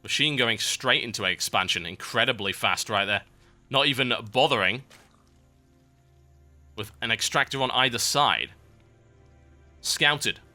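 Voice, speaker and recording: Bright-voiced British esports caster. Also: male voice, medium pitch. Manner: brisk, wry, chatty asides. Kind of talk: live game commentary.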